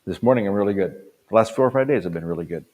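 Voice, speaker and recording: A man around sixty, a pastor giving an earnest talk to other pastors, stressing points by repeating them and swinging between loud punches and quiet drops. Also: lowish voice, expressive, very fast. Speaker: pastor and conference speaker.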